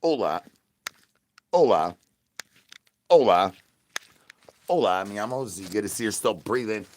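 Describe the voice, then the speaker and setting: A man doing a low, rambling starving zombie. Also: fast talker, slight background noise, lightly acted. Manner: rambling, crude slang, repeats begging catchphrases. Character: starving crude male zombie streamer begging chat for brains. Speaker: livestream entertainer. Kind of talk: in-character livestream comedy.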